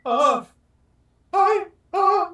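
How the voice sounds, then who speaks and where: A weepy young puppet boy stammers through his tears in a very high, slow voice, as a woman plays him. He sounds unsure of himself. It is recorded in an echoey room, away from the mic. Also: animated, a bit bright, recorded from a distance, exaggerated voice. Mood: tearful. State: crying.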